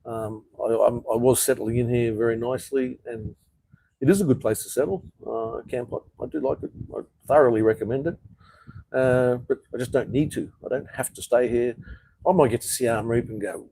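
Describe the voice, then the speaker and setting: A man's voice: mid-range voice, fairly even intonation, fairly quick, dark tone, husky, rough recording. A middle-aged man hosting a casual live chat, blunt, rambling and sweary. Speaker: livestream host. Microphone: phone or webcam livestream.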